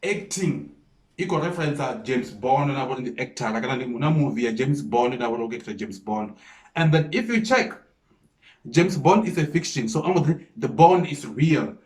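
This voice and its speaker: A South African man reacting to a freestyle, explaining the lyrics line by line and repeating himself with excited disbelief. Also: mid-range voice, moderate pace. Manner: repeats 'come on, man' with disbelief. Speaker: music reaction host. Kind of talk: casual reaction commentary.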